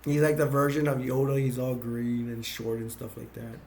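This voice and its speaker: A man's voice: medium pitch, completely flat delivery, moderate pace, darkish tone. A man casually retelling a movie plot as a reviewer, rambling with lots of fillers and restarts.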